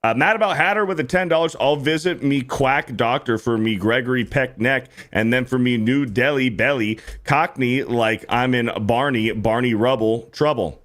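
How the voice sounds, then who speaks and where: A man's voice: medium pitch, normal speed, few pauses, a bit bright. A young man hosting a casual podcast, reading out viewer donations in a laid-back way. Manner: laid-back, reads out donor messages. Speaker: podcast host.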